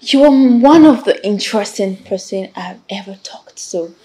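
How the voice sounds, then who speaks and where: A woman's voice: mid-range voice, animated, normal speed, warm tone, lightly acted. A Nigerian actress playing a scheming young woman obsessed with a married man, speaking sweetly and insistently. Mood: pleading. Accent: Nigerian English. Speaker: actress in a romantic film.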